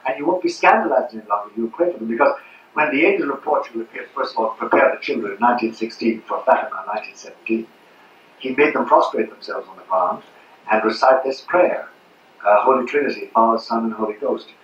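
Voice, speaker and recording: A man's voice: medium pitch, quick pace, a bit bright, slight background noise. An older man giving an impassioned talk to an audience, emphatic, repeating words and asking rhetorical questions. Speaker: speaker at a public talk. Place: hall at a 1992 public talk. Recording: roomy, distant, muffled old audience recording.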